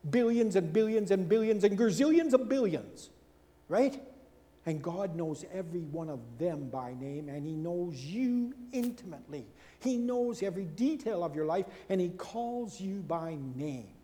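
A man preaching a sermon in a chatty, animated way, acting out the people he quotes and tossing in asides and rhetorical questions. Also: measured pace, slight background noise. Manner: animated, acts out quoted speakers with big swings in pitch and loudness. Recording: long hall reverb.

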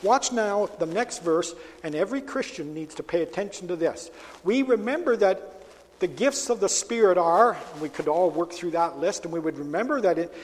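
A male preacher with a high voice delivers an emphatic sermon, pressing his points with rhetorical questions. His voice carries a long reverb, as in a large hall. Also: moderate pace.

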